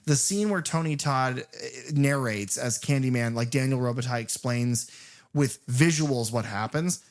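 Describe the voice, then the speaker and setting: A man's voice: medium pitch, normal speed. A man co-hosting a podcast, chatting casually and animatedly about a horror sequel, swearing freely and acting out scenes. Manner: animated, profane, acts out movie scenes. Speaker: podcast co-host. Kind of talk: casual film review chat.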